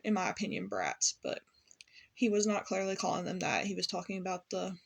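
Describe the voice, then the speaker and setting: A woman's voice: medium pitch, very animated, a little fast, gravelly. Woman in a mid-range voice, a casual episode reviewer who rambles and laughs along. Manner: chatty, rambling, laughs at her own retelling. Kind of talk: casual reaction recap.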